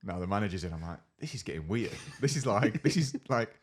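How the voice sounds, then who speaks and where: A young man co-hosting a casual podcast chat, telling an animated story and acting out other people's lines. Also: lowish voice, fast talker. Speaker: podcast co-host.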